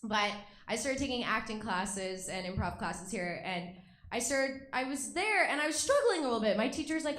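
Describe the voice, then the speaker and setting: A woman's voice: on the high side, lively intonation, normal speed, a bit bright. A young woman performing a stand-up comedy set on a small theater stage into a handheld mic, telling self-deprecating stories with dry punchlines. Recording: roomy live theater sound.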